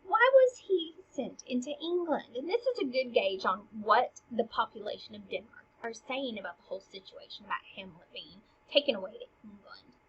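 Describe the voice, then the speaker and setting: A woman's voice: mid-range voice, animated, brisk, hardly any pauses, fairly bright tone, slightly rough, dull audio. A woman teacher explaining a play in casual language, paraphrasing each line into plain modern talk.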